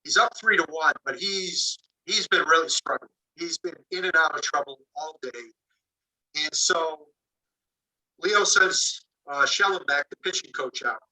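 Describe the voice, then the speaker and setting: A man speaks well away from the microphone, his voice high-ish and very bright. He tells his story loosely, with plenty of "you know" and "like," slipping into quoted dialogue as he goes. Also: unhurried, far from the mic, poor audio. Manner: animated anecdote-telling, acting out dialogue, many fillers. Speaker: author. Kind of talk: casual storytelling.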